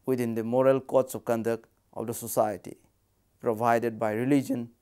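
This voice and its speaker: A man with an Indian English accent giving a measured academic lecture, reading from prepared text. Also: medium pitch, dark tone, clear, resonant tone.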